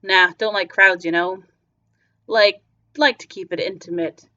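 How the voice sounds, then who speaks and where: A woman's voice: medium pitch, fairly even intonation, unhurried, pushed and bright. A woman doing a sneering, menacing male stranger. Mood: needling. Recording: slightly dull lo-fi recording. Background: faint music.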